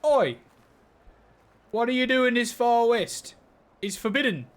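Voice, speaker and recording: A man voicing a gruff male guard who challenges travelers, shouting in an exaggerated mock Australian accent. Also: extremely high pitch, animated, takes it slowly, pitched above the performer's own voice, heavily acted. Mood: hostile.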